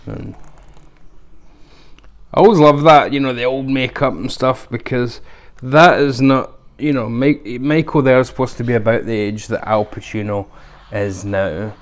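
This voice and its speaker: A man's voice: mid-range voice, fairly even intonation, a little slow. A man hosting a casual unboxing review, chatty and rambling with lots of fillers. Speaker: video host.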